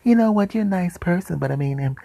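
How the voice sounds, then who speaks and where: A man's voice: sits high, expressive, quick pace, gravelly, mellow, no room sound, voice pushed up, full character voice. A man voicing a dismissive young woman who turns someone down, speaking in a condescending way with hesitant fillers.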